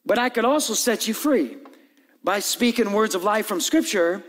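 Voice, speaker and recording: Pastor, male, lively sermon delivery with playful asides, higher voice, big echoing church. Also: moderate pace. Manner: animated, acts out dialogue and jokes with the congregation. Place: church hall with long reverb.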